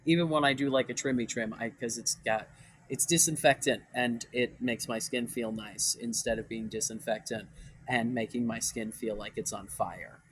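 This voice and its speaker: A man's voice: mid-range voice, fairly even intonation, normal speed, a bit bright, husky, low-quality recording. A young man ranting in a casual vlog, rambling and exasperated, swearing often and restarting his sentences. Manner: rambling, profane, exasperated, many fillers and restarts. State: voice cracking after crying. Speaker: dating advice vlogger.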